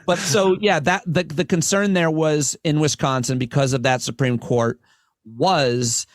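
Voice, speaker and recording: A man, a comic and podcast host, talking as a guest on a casual podcast and building long, earnest arguments in quick bursts. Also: a little high, steady tone, no room sound, studio quality.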